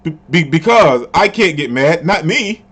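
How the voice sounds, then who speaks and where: A man voicing a timid young dog boy who hides behind a smile, in a fairly high voice. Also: animated, measured pace, fairly bright tone, breathy edge, heavily acted.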